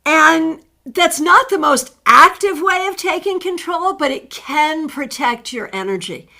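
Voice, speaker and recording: A middle-aged woman hosting a live tarot stream, chatting warmly as she greets viewers by name and reads their cards. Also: very high voice, lively intonation, measured pace, vocal fry.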